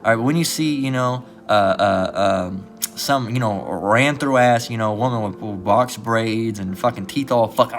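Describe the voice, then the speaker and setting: A man's voice: fairly low pitch, normal speed, few pauses. Blunt, profane male street preacher. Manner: blunt, profane, repeats "all right" often. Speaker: religious teacher. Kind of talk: casual preaching lesson.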